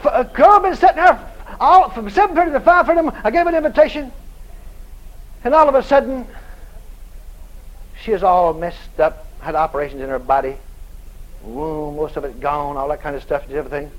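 Man, sermon storytelling, very high voice, swinging intonation, dramatic shouts. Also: moderate pace, pauses often, lo-fi sound. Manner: animated, dramatic, bursts into shouting. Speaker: preacher.

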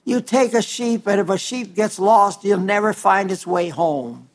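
A man's voice: high-pitched, unhurried. An older man preaching a folksy sermon, stumbling and repeating words as he tells homespun stories.

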